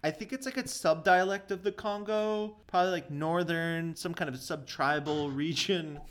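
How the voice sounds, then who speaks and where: A man's voice: on the high side, moderate pace, a bit bright. A man co-hosting a podcast, talking about a movie in a casual, crude, joking way. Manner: crude, joking, laughs at his own bits. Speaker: podcast co-host. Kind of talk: casual comedic movie chat.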